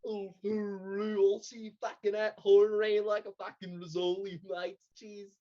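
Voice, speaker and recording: A woman's voice: medium pitch, little pitch movement, a little slow, dark tone, dull audio, natural voice. A woman playing a brash, crude young Australian man with a mock Australian accent. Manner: brash, sweary, laughing.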